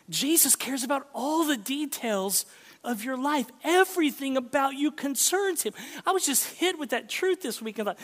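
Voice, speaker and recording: A male pastor preaching a sermon, self-deprecating and conversational, dropping to hushed whispers for emphasis. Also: very high voice, lively intonation, moderate pace. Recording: long hall reverb.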